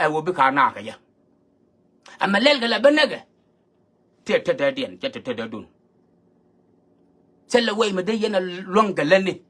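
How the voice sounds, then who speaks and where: A man's voice: high-pitched, a bit bright. A man giving an emphatic, lecturing monologue, switching between languages as he talks. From South Sudan. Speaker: online commentator. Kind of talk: monologue talk mixing languages.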